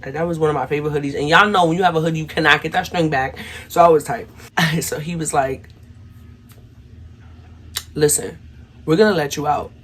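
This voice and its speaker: A woman's voice: sits low, fairly even intonation, quick pace, a bit bright, a little hiss or hum. A young adult woman telling a personal story to her viewers in a casual, chatty way, often calling them y'all. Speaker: vlogger.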